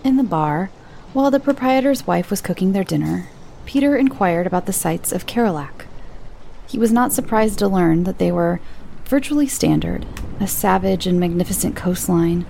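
A woman narrating a short story in a measured, even storybook reading. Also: medium pitch, vocal fry, slight background noise, poor audio.

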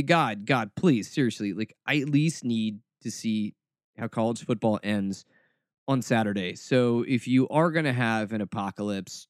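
A man's voice: fairly low pitch, clean tone, no room sound, studio quality. A man hosting a podcast, talking in a sarcastic, snarky and mock-dramatic way in casual commentary. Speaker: podcast host.

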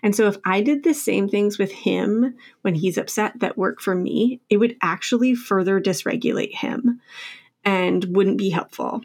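A woman's voice: medium pitch, moderate pace, creaky, a little mellow. A woman in her thirties, a book author, talking candidly and chattily as a podcast guest and laughing often. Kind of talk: casual podcast conversation.

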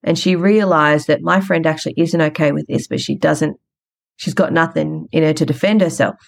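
A woman's voice: low-pitched, steady tone, normal speed, vocal fry. A woman hosting a podcast, telling a story in a frank, chatty way. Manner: frank, chatty, retells conversations. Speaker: podcast host. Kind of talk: casual storytelling monologue.

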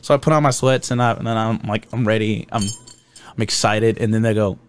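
A man's voice: on the low side, steady tone, a little fast, slight background noise. A young man chatting casually on a podcast, swearing a lot and laughing as he acts out his drill instructors. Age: young adult. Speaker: podcast guest telling boot camp stories.

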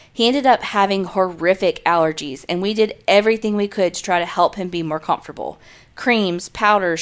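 A woman co-hosting a podcast, reading listener emails aloud in an earnest way and adding wry asides in casual chat. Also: mid-range voice.

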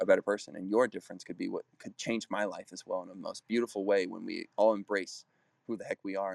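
A man's voice: low-pitched, creaky, a little mellow, no echo. A man in his thirties, a basketball player and coach, giving a casual motivational talk in an earnest, rambling way full of restarts and acted-out quotes. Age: 30s.

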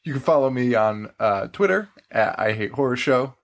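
A young man hosts a loose, joking podcast chat, laughing a lot as he talks. His voice has a slight frog in it and swings around in pitch with animation. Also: lively intonation, moderate pace, gravelly. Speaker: podcast host.

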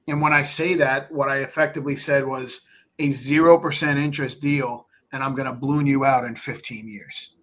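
A man's voice: medium pitch, fairly even intonation, moderate pace, a bit bright. A man speaking as a podcast guest, talking casually and animatedly, often repeating words and acting out conversations with sellers. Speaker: podcast guest, real estate investor. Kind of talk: casual interview talk.

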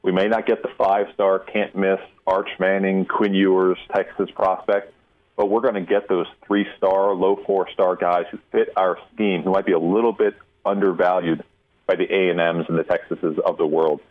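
A man, a college football insider, answering questions on a radio show in a measured, emphatic way. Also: deep voice, little pitch movement. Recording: tinny phone line.

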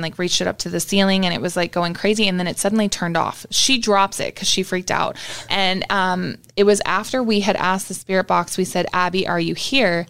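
A woman's voice: lowish voice, a bit bright, smooth. A young woman co-hosting a podcast, telling a story in casual chat with lots of swearing. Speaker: podcast co-host.

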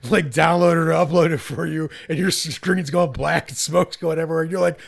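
Guy on a movie podcast, kinda high and gravelly, gets really into it, laughs a lot. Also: moderate pace. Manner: animated, swears, laughs often, acts out voices. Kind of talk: casual film discussion.

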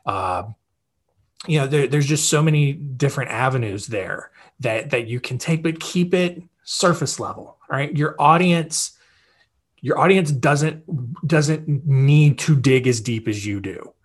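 A man with a slightly husky, mid-pitched voice talks through practical tips in a loose, conversational monologue. He keeps it upbeat, scatters fillers, and often checks in with the listener. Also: measured pace. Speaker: podcast host. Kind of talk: casual advice monologue.

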